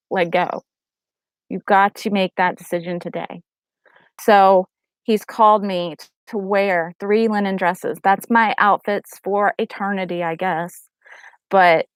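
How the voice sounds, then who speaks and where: A middle-aged woman talks to camera about her faith in a casual, animated way, slipping into earnest urging. Her voice sits at an ordinary middle pitch. The sound is dry and close, with no room around it. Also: no echo, rough recording. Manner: animated storyteller acting out quotes in raised voices. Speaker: faith vlogger.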